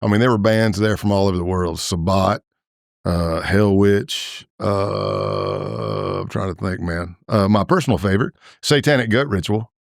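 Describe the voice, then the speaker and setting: A man's voice: unhurried, creaky, dry recording, clean studio sound. A man, a former federal agent, telling stories in a casual interview and acting out the voices of the people in them. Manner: animated storyteller who acts out quoted voices with big pitch jumps. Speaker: former FBI agent, podcast guest.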